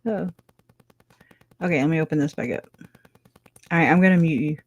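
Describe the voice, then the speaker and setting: A woman's voice: low-pitched, expressive, moderate pace, a little mellow, dry recording, lo-fi sound. A middle-aged woman hosting a casual livestream, answering viewers in chat, chatty, with frequent laughs and restarts. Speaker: livestream host reading chat.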